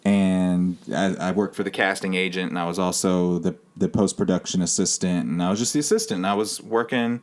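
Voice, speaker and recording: A man's voice: sits low, fairly even intonation, a little fast, few pauses, darkish tone. A man of thirty, a podcast host, telling his own story in a candid, rambling way with many fillers. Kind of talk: personal storytelling monologue.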